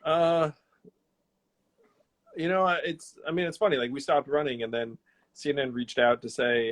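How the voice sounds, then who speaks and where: A man hosting a casual live question-and-answer stream from his home, rambling and relaxed, with lots of fillers and restarts. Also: medium pitch, normal speed, pauses often. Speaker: host of an Instagram live Q&A.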